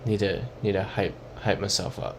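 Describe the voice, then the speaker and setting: In casual live-stream commentary, a young man plays a geography guessing game, reading chat and thinking aloud in a muttering way. He speaks at a fairly low pitch with fairly even intonation and moderate speed, over a faint hiss or hum.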